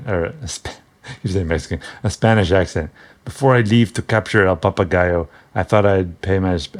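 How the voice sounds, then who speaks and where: A man casually talking through an old comic book, rambling and wry, with frequent restarts and asides. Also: deep voice.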